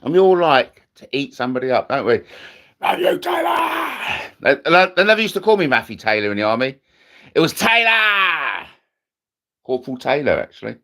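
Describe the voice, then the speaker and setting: A man's voice: medium pitch, animated, fast, few pauses, fairly bright tone. A man doing comic card-trick patter as a magician, self-mocking and chatty with the audience. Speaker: comedy magician.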